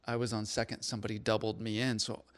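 A man's voice: lowish voice, level tone, fast talker, dry recording. A man hosting a podcast, chatting casually and telling stories on himself with easygoing humor. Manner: easygoing, self-deprecating storyteller. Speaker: podcast host.

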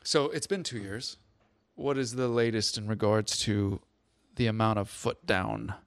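A man's voice: on the low side, a little slow, smooth, no room sound, studio quality. A man hosting a podcast, chatting casually and telling stories on himself with easygoing humor. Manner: easygoing, self-deprecating storyteller. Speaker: podcast host.

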